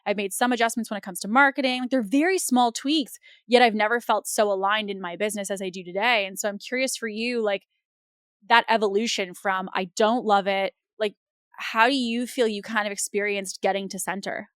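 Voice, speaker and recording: A woman hosting a podcast, talking in a casual, animated and rambling way with lots of fillers. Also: medium pitch, fairly quick, smooth, dry recording, studio quality. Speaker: podcast host. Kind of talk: casual conversational interview.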